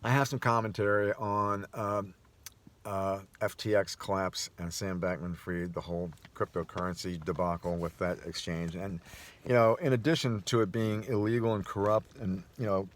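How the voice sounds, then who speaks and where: A man's voice: sits low, steady tone, normal speed. A man vlogging a casual personal monologue, rambling with frequent restarts and chuckles.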